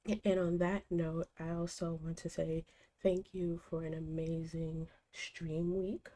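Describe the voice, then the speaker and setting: A woman streaming a cozy game, congested from a cold, gently chatting and greeting viewers by name. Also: lowish voice, flat delivery, a little slow. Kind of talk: casual stream chat.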